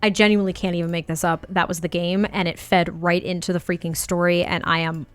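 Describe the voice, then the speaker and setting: A woman's voice: on the low side, level tone, a little fast, clean tone, no room sound. Woman, let's play commentary, dramatic reactions, dry close sound, faint background music. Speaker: gaming YouTuber.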